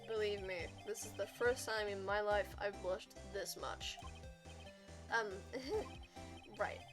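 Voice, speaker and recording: A woman's voice: medium pitch, fairly even intonation, slow pace. A woman streamer reading game dialogue aloud in a casual, playful way, with hesitant fillers. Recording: game music behind.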